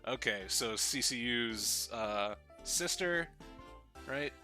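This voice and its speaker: A man's voice: medium pitch, expressive, takes it slowly, pushed and bright, soft background music. A man streaming a video game live, joking and swearing casually as he reacts.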